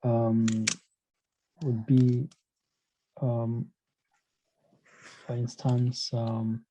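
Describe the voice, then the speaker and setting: Slow, hesitant male language teacher. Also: mid-range voice, monotone, mellow, lo-fi sound, a little hiss or hum. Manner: hesitant, many fillers and "you know"; asks learners questions, encouraging. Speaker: German teacher. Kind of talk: online language lesson.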